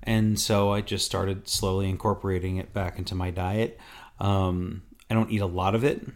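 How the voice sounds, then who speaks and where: A man's voice: low voice, flat delivery, moderate pace. A man co-hosting a podcast, joking and hesitant with many ums in casual chat. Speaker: podcast co-host.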